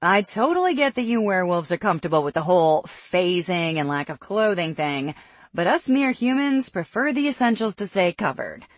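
A woman's voice: lowish voice, moderate pace, no room sound, voice pushed up, natural voice. A narrator voicing a sassy, blunt young woman with a sarcastic edge.

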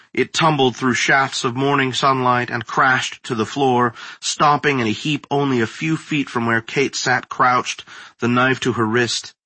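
A man reading a horror story aloud in a slow, deliberate, suspenseful manner. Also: medium pitch, bright, forceful tone, dry recording. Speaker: narrator. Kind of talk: scripted horror story narration.

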